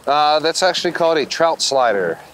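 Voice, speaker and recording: A man's voice: on the high side, animated, brisk, a bit bright, a little hiss or hum. A man working as a fishing guide, patiently explaining how to fish a streamer on a river. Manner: instructive, patient. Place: outdoors on a river.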